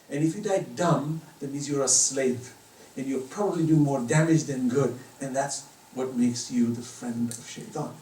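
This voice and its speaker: In a private home, a middle-aged man delivers an impassioned religious lecture, driving his points with emphatic rising questions. His voice is medium in pitch and a little mellow, with slight hiss or hum. The recording has a roomy echo, and he sits distant from the mic.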